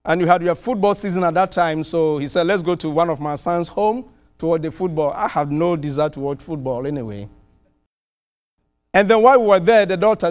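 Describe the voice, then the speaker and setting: A middle-aged male preacher from abroad, with a high-pitched voice. He tells a story in his sermon with lively energy, and his voice rises loud on exclamations. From outside the US.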